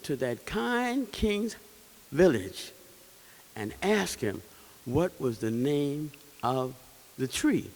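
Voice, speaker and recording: A man voicing a proud, busy male lion who rules the forest, speaking gruffly and dismissively in a folktale. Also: fairly high pitch, very animated, very slow, long pauses, a little mellow, in a large hall, voice pushed down, full character voice. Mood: impatient.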